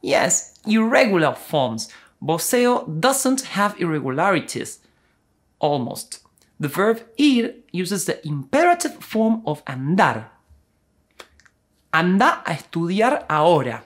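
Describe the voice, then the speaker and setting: A woman from Argentina with an Argentinian accent, teaching a language lesson and explaining clearly with Spanish examples. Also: lowish voice, sing-song, takes it slowly.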